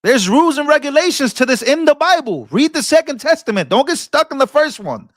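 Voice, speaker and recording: A man's voice: very high-pitched, big pitch swings, fairly quick, a bit bright, dry recording, studio quality. A man hosting a political commentary vlog, talking in an impassioned, casual way, restarting and repeating words and breaking into sermon-like rebukes. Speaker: political commentator and channel host.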